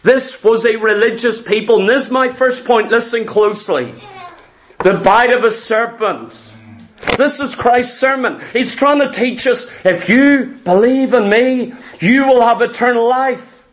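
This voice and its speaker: Emphatic high-voiced male preacher. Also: a little slow, a little hiss or hum. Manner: emphatic, repetitive preaching cadence. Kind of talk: sermon.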